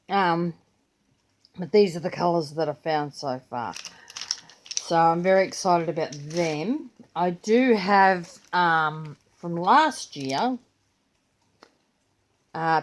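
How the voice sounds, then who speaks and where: An older Australian woman with a grandchild, chatting casually and rambling through her planner and pens in a vlog. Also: on the low side. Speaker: vlogger. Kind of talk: casual chat.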